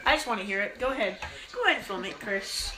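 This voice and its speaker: A woman's voice: mid-range voice, lively intonation, fast talker. Laughing woman in a roomy space. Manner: laughing, egging on. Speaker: friend. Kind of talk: casual comedy chat. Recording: roomy with crowd chatter.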